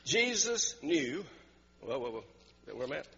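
A man delivers a sermon in a high, bright, slightly husky voice, telling a personal story and chuckling often as he repeats his words. The recording is dull and lo-fi, with the long reverb of a church hall around him. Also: sing-song, unhurried, faint music behind. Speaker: pastor.

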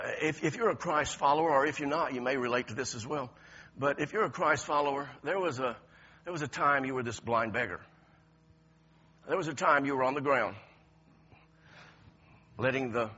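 A man preaching a sermon, moving from quiet, intense passages to loud shouted ones, often laughing as he talks. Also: on the high side, slightly rough. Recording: lo-fi, dull sound.

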